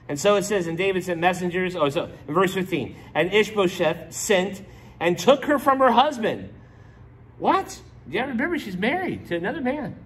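A man's voice: sits high, very animated, moderate pace, slightly rough. A pastor teaching a casual Bible study, joking with his listeners and acting out the characters' lines. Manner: playful, jokes with the audience and acts out characters' lines.

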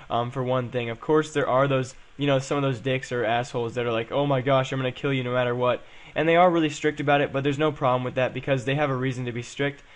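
A young man chatting casually as he plays and comments on a game, rambling and saying "um" and "guys" a lot. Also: medium pitch. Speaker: gaming channel host.

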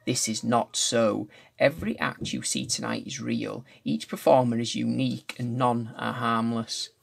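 A man reading aloud as a tall, eerie male circus ringmaster with a low, croaky voice, delivering solemn warnings. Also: expressive, measured pace, exaggerated voice. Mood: ominous.

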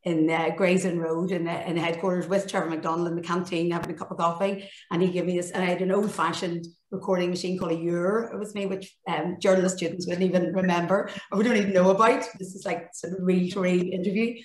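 A Northern Irish woman in her fifties, a journalist telling an animated anecdote on a panel. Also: lowish voice, fast, hardly any pauses. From Northern Ireland. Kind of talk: storytelling on a panel. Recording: roomy echo.

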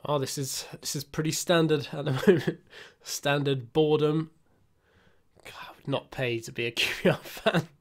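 A young man giving casual, self-mocking commentary while playing a football management game, muttering asides and breaking into excited outbursts. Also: fairly high pitch, moderate pace. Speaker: gaming YouTuber.

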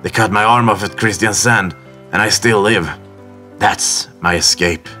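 A humble, eager young sailor, played by a male narrator speaks earnestly in a lifted storybook voice. The tone stays low yet bright, over faint music. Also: unhurried.

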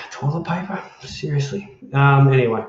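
A man's voice: mid-range voice, expressive, a little slow, echoey room, lo-fi sound. An Australian man hosting a casual livestream, chatting matey and swearing freely while reading out viewer comments. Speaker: livestream host.

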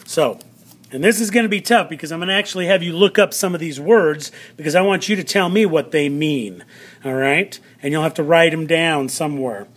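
A male teacher giving a vocabulary lesson to students, drawing out words slowly and checking in often. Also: a little high, fairly bright tone. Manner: slow, drawn-out word pronunciation with frequent "all right" check-ins.

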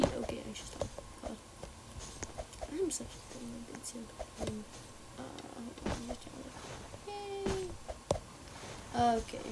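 A high-voiced woman talks her way through a video game in an unhurried, drawn-out way, chatting to herself and cursing freely. Her asides sink to muttered whispers. Heavy background noise sits under everything. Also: lively intonation, vocal fry. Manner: talks to herself, swears a lot, shrieks when startled, drops to muttered whispers. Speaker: gamer playing on stream. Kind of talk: casual gameplay commentary.

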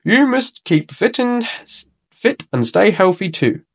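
An excitable little piglet girl with a raised, bouncy voice, put on by a man reading a storybook. She chatters with lively ups and downs. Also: sits high, slow, creaky, pitched above the performer's own voice, exaggerated voice. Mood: excited.

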